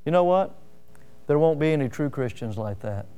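A man preaching a sermon, telling homely stories with fillers and swinging from loud rises to soft drops. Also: on the high side, animated, moderate pace, smooth, muffled recording, faint music behind. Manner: folksy storytelling with fillers. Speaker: pastor.

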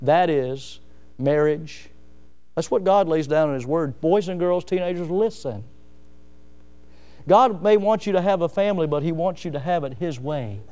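Impassioned middle-aged male preacher, smooth voice. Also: dark tone. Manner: impassioned, rising to emphatic peaks then dropping low. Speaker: pastor. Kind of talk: sermon.

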